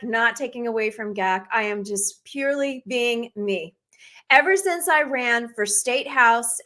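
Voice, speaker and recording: A woman's voice: fairly high pitch, sharp tone. A woman in her forties from the Northern United States, hosting a live-streamed talk show in a bold, outspoken, emphatic way. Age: 40s.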